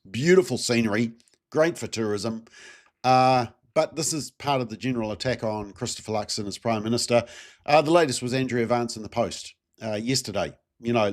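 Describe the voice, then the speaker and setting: New man, solo commentary host, easygoing and rambling, asks the audience questions. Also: mid-range voice. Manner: conversational, many fillers, rhetorical questions to viewers. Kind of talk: casual solo political commentary.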